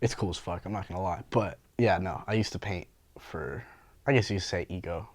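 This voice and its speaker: Deep-voiced and speaking a little fast on a dry recording, a young man from the Bay Area, who paints and does graffiti, shares stories in a casual interview. He's animated and profane, full of slang, and laughs a lot.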